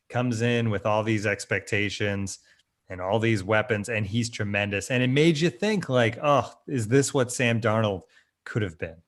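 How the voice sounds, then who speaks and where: A man's voice: fairly low pitch, fairly bright tone. A man hosting a sports podcast over a video call, steadily steering the chat to football. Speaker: podcast host. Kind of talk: casual sports podcast talk. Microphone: remote video call.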